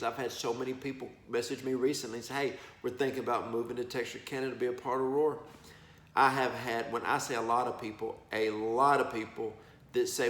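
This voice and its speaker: A man's voice: mid-range voice, fairly bright tone, roomy sound. A man preaching prophetic words in a folksy, emphatic way, calling listeners y'all and baby. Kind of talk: animated preaching to camera.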